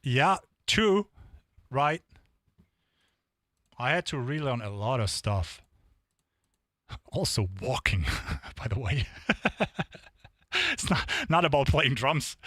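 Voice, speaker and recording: A man's voice: mid-range voice, lively intonation, slow pace, pauses often, fairly bright tone, no echo, studio quality. A man streaming drum sessions, chatting casually and rambling to viewers between songs. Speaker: drumming live streamer.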